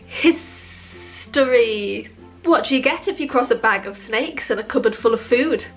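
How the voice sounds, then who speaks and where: A woman reading a long list of pun jokes, landing the punchlines slowly and dryly and adding wry asides. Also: on the high side, faint music behind. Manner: dry, slow deadpan punchlines with wry self-commentary. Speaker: joke video creator.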